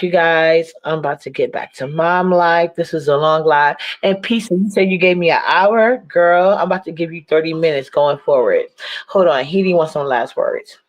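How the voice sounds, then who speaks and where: A woman's voice: low voice, dull audio. A woman hosting a live stream, chatting loosely and rambling as she wraps up. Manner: rambling, loose and wrapping up, with fillers. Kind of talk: casual chat.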